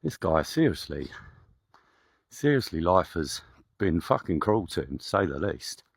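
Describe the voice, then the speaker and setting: Man, casual storyteller, gravelly, dry close sound. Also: low-pitched, big pitch swings, unhurried, no echo. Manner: swearing, chatty, rambling with repeated "I said". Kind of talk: casual spoken anecdote.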